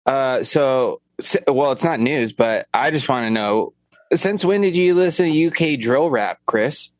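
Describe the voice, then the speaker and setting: A man's voice: mid-range voice, animated, unhurried, no room sound. A man co-hosting a podcast in casual chat, blunt and swearing freely as he jumps in to explain things. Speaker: podcast co-host.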